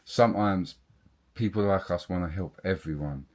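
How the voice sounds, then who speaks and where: A man with a notably low voice co-hosts a casual podcast chat. He keeps his guest talking with steady encouragement and quick agreement.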